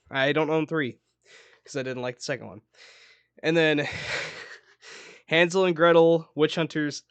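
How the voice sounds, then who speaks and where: A man's voice: fairly high pitch, a bit bright, clear, resonant tone, no echo, muffled recording. A young man chatting casually about his movie collection, rambling and correcting himself, often laughing. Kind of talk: casual chat.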